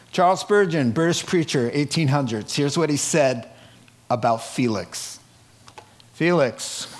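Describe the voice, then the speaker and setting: A man preaching a sermon, swinging from hushed, quiet lines to loud, laughing outbursts. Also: medium pitch. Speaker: pastor.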